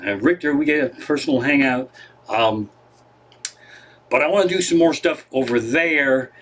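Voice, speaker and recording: A man's voice: mid-range voice, moderate pace. A man doing a rambling, profane stand-up monologue from his living room on a livestream. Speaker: comedian.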